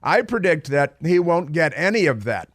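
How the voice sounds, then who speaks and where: A man's voice: on the high side, very animated, normal speed, no echo, clean studio sound. A man hosting a political talk radio show, delivering a sarcastic, rambling monologue full of fillers and restarts.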